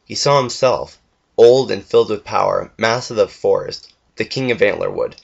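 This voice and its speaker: A man's voice: on the low side, normal speed, vocal fry, breathy edge. A young man earnestly reading a fan story aloud, with the odd stumble and restart. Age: young adult. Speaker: fanfiction reader. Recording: dull lo-fi home recording.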